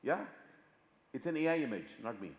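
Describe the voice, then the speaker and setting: An older man with an Indian accent doing a chatty, self-mocking stand-up set, switching between Hindi and English and swinging from hushed asides to loud bursts. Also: mid-range voice, big pitch swings, moderate pace, a little hiss or hum. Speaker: stand-up comedian. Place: large conference hall. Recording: echoey hall, muffled PA sound.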